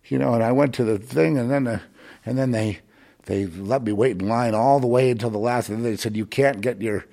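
A man delivering a rambling monologue straight to the listener, with many restarts, swinging between muttering and loud ranting. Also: mid-range voice, a little fast, gravelly. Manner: many restarts and repeated words.

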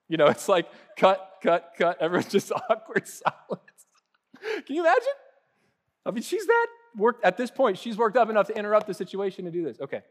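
A man in his thirties, a pastor giving a relaxed, conversational sermon that swings between lively acted-out asides and soft, hushed moments. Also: sits high. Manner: casual and animated, acting out little voices, with laughs and soft hushed asides.

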